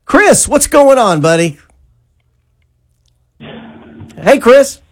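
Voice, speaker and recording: An older man in his sixties hosts a radio talk show with loose, jokey banter. His pitch swings widely from line to line. His voice has a slight husky grain. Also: very slow. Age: about 60. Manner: animated, laughing, jokey. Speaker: radio host.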